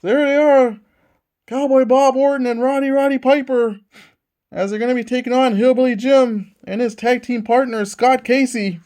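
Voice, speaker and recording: Calling a tabletop wrestling match like a ring announcer, this man delivers excited play-by-play of every move in real time. He has a very high voice and talks at a moderate pace.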